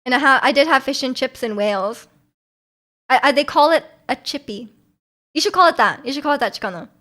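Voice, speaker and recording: A woman's voice: high-pitched, animated, a little fast, fairly bright tone. A woman, from Vancouver, chatting casually with her stream viewers in a rambling, giggly way full of fillers. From Vancouver, Canada.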